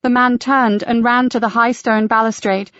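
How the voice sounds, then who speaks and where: A woman reading a crime novel aloud in a steady, measured audiobook narration. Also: on the high side, no room sound. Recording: dry, slightly dull audiobook recording.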